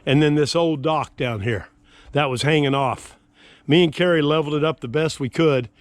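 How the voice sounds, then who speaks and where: A man's voice: on the high side, moderate pace, no room sound. Older man rambling on a yard tour. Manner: rambling, grumbling and folksy. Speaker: homeowner giving a yard tour. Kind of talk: casual self-filmed vlog. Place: outdoors in a lakeside yard. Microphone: handheld action camera.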